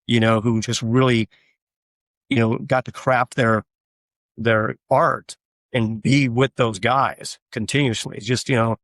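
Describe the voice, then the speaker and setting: A man's voice: mid-range voice, steady tone, a little slow, fairly bright tone, no room sound. Man telling stories in a dry close voice. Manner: rambling anecdotal storytelling with frequent fillers. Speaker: guest, tribute artist for a famous singer. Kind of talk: casual interview chat.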